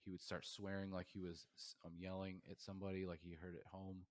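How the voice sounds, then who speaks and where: Deep voiced guy in his 30s rambling thru a story, lots of ums, dry sound. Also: level tone, quick pace, no echo. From New York State, USA. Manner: rambling, many fillers and restarts. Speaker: podcast guest, professor. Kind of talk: casual interview storytelling.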